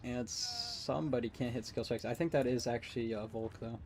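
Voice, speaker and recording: A man's voice: mid-range voice, fairly even intonation, darkish tone. Teasing man casting a game. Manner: joking, teasing, quick asides. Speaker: caster and player. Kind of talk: casual game commentary.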